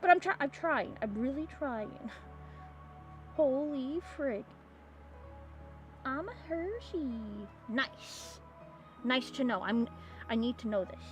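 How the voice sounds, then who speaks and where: A young woman from California chatting casually with her viewers while drawing on stream, rambling, giggly and given to sudden excited squeals. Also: high voice, takes it slowly, pauses often. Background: faint music.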